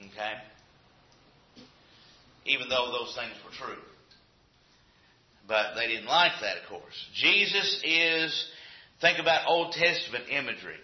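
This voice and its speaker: A man leads a Bible lesson in a classroom, speaking in a relaxed, conversational way and quizzing the students. He keeps checking that they follow along. The recording is dull and lo-fi, with a roomy echo around the voice. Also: mid-range voice, a little slow, long pauses. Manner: conversational, checks in with frequent "Okay?"; poses questions to the class. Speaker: Bible teacher. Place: classroom with a chalkboard.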